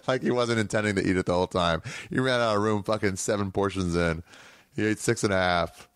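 A man's voice: on the low side, a little fast, smooth, no room sound. A man hosting a podcast, telling a long rambling story in casual, profane talk, often correcting himself mid-sentence. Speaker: podcast host.

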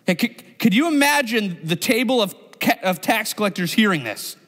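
A man's voice: high-pitched, big pitch swings, moderate pace, fairly bright tone, long reverb tail. A male pastor preaching a sermon in a punchy, conversational way, often checking in with the crowd. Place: church sanctuary.

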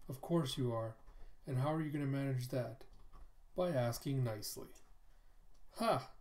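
A sharp-tongued young witch from a comic, read out by a man in his own everyday voice. She sneers at authority with a mocking edge. The pitch sits in an ordinary middle range. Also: unhurried, slight background noise, close to an everyday voice. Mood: scornful.

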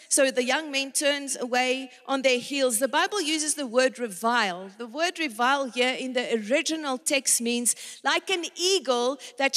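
In a large hall, a woman preacher delivers a dramatic sermon in a high, bright, forceful voice. She performs the lines of the story's characters and speaks directly to the women in her audience.

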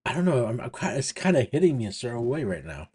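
A man's voice: mid-range voice, very animated, dark tone, breathy edge. A man casually reacting to a clip, swearing freely and stumbling over his words as he thinks aloud. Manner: profane, halting, self-searching. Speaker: reaction streamer.

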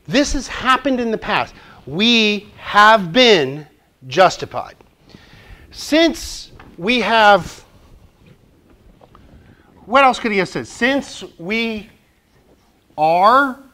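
A man's voice: high voice, fairly bright tone. A man teaching a church Bible study class in a conversational way, asking the group questions and joking lightly.

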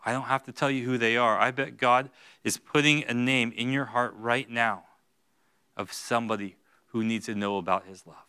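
A male pastor preaching a sermon in a church, going from hushed, slow lines to loud, high-pitched bursts. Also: steady tone, clean tone. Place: church sanctuary.

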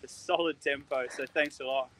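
A man's voice: medium pitch, steady tone, normal speed, pushed and bright, slight background noise. An Australian man with an Australian accent, a guest chatting casually and easygoing on a podcast. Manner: easygoing, matey sign-offs. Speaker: guest, pro cyclist. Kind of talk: casual podcast chat by remote link.

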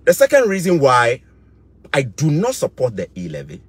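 Man, Ghanaian English accent, middle-aged, husky, lively swinging pitch, indignant vlog commentary, repeats phrases. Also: normal speed. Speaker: vlogger. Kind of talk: impassioned commentary.

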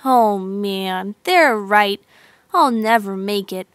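A downhearted boy frog from a children's story, worried and quick to give up, as a woman narrator puts him on. He speaks slowly and with little hope. The voice is close and dry. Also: mid-range voice, no room sound, voice pushed down, close to an everyday voice. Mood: defeated. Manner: worried, defeated. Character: discouraged young male frog stuck in a hole.

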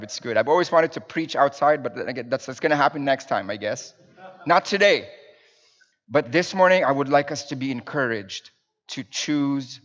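A man in his thirties preaches to his congregation in a relaxed, chatty way. He weaves in stories at a mid pitch. His voice sounds a little dull and carries a long reverb around the church sanctuary. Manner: warm storytelling with fillers and restarts, addressing the congregation. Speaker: minister, preacher. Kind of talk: conversational sermon.

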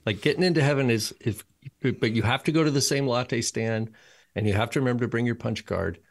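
A male podcast co-host with a gravelly, creaky voice cuts in with quick jokes and playful comparisons. His pitch is ordinary for a man, and he keeps the talk relaxed and conversational. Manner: quippy, jokey interjections. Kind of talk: casual chat.

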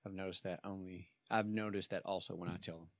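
A man's voice: deep voice, fairly even intonation, fast, fairly bright tone, dry recording, studio quality. A man co-hosting a casual talk podcast, playful and wisecracking. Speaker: podcast co-host. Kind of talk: casual chat.

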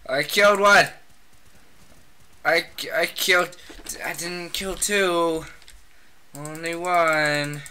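Excitable gamer with a very bright voice. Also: mid-range voice, slow pace, pauses often, clean tone. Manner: excitable, trash-talking, frequent shouted outbursts. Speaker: gamer playing a shooter. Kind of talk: casual gameplay commentary.

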